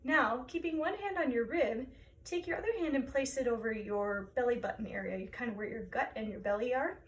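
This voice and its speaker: Choir lady coaching breathing exercises, high voice, kinda distant mic, faint piano. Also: a little fast, slight background noise. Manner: encouraging, guiding step by step. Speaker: choir director. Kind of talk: vocal warm-up instruction.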